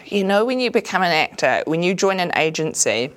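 A woman's voice: fairly low pitch, brisk. A woman with a New Zealand accent, a comedian and actor telling casual anecdotes in an interview, acting out voices and laughing often. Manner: lively storyteller who acts out voices and laughs often.

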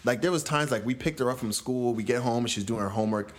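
A man's voice: medium pitch, quick pace. A man hosting a parenting podcast who talks in a loose, casual way and uses lots of fillers. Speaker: podcast host.

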